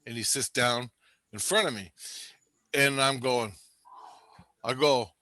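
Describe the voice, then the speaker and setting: A man's voice: mid-range voice, slow, sharp tone, dry recording. A man telling a rambling, profane story in casual chat, laughing often.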